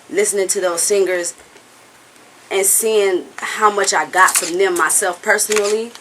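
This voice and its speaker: In this poor-quality audio with slight background noise, a woman singer talks in a casual, candid interview. Her pitch is fairly low and a bit bright. She's earnest and blunt, swears occasionally, and rambles along, frequently asking "you know what I'm saying."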